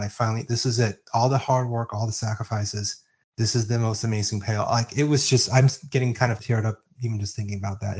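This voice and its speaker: A man co-hosting a music podcast, chatting casually and getting excited and openly emotional. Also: medium pitch. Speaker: podcast co-host. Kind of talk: casual music debate chat. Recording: remote call, own mic.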